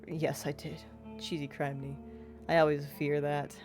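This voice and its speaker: A chatty young woman streams a game, talking in a lower register and rambling cheerfully at the chat. Soft guitar music plays faintly behind her. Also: level tone, normal speed. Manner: chatty, playful, self-described yapper. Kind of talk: casual let's-play chat.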